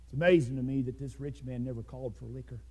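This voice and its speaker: A man preaching a fiery sermon, swinging between loud shouted climaxes and hushed low passages. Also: fairly even intonation, quick pace.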